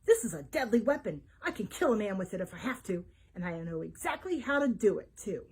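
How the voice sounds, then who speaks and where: A woman's voice: mid-range voice, big pitch swings, fairly quick, a little mellow, slightly rough, heavily acted. A woman doing a cocky, boastful young boy. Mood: brash. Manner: boastful, blustering. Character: cocky twelve-year-old boy, brash show-off.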